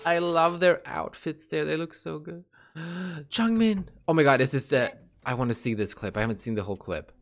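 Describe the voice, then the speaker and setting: A man hosting a casual reaction video, giddy and excitable, swearing and laughing often. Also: on the high side, normal speed, gravelly.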